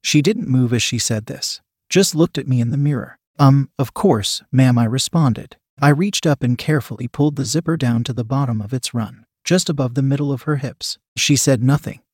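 A man reading an erotic story as narrator in a steady, even voice. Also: medium pitch, brisk, few pauses, breathy edge, dry recording, studio quality.

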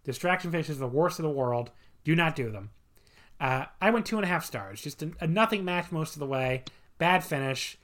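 A man's voice: fairly high pitch, fairly quick, fairly bright tone. A man co-hosting a podcast, casually reviewing wrestling matches in a blunt, opinionated way and swearing freely. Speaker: podcast co-host.

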